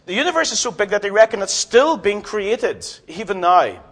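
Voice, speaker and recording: A man preaching a sermon in a church, swinging from loud emphatic lines to soft, low ones. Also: sing-song, normal speed, breathy edge.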